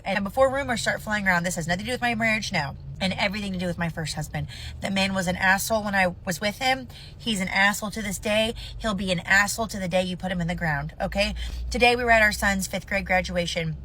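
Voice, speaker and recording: A woman's voice: medium pitch, fairly bright tone, slight background noise. A woman in her thirties telling a painful personal story to camera, blunt, profane and impassioned.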